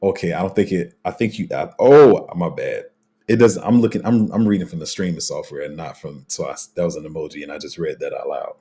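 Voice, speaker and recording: A man's voice: low voice, a little fast, dark tone, breathy edge. A man hosting a casual crypto livestream, rambling through viewer comments with lots of fillers, restarts and slang.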